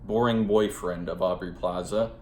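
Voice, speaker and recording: Deep-voiced rambling, swearing male reviewer. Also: steady tone, normal speed, darkish tone, reverberant, a little hiss or hum. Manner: rambling and profane, heavy on fillers. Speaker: movie reviewer. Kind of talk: casual spoken movie review.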